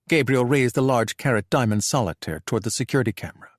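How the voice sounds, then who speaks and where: Reading a suspense thriller, a male audiobook narrator keeps his delivery measured and even at a middling pitch. He is miked close in a dry recording with no room sound or echo.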